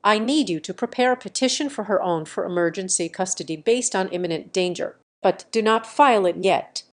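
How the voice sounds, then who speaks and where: A woman reading the lines of a calm, resolute older father in a story, firm and measured. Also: medium pitch, close to an everyday voice.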